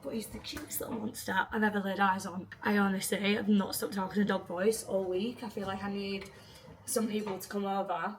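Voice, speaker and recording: A woman's voice: mid-range voice, little pitch movement, brisk. A young woman in her twenties, chatting casually and rambling a little in a home vlog. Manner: chatty, rambling, self-deprecating. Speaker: vlogger.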